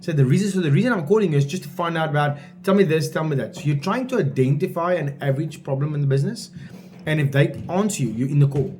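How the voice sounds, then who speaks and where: A man's voice: fairly high pitch, expressive, fast talker, a little mellow. A man coaching salespeople in a blunt, informal way, driving each point home with repetition. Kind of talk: direct-to-camera coaching talk.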